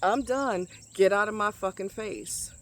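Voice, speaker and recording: With slight background noise behind her, a medium-pitched woman talks unhurriedly while vlogging outside in sticky, hot nature. Middle-aged and sweating, she delivers a blunt rant full of swearing and emphatic repetition.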